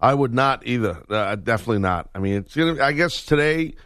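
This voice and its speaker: A man co-hosting a sports radio show, reacting with quick exclamations and jokes. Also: mid-range voice, expressive, a bit bright, no room sound, clean studio sound. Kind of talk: casual sports radio banter.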